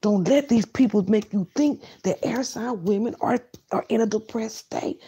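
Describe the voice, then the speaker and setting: Blunt, husky-voiced woman ranting. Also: fairly high pitch, moderate pace, hardly any pauses, warm tone. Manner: blunt, preachy, repeats phrases for emphasis. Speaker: vlogger. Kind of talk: motivational rant to viewers.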